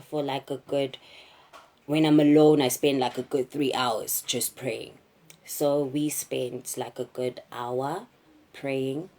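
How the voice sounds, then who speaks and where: A young South African woman telling a personal story to camera, candid and halting, with frequent fillers. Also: rumbling low, darkish tone.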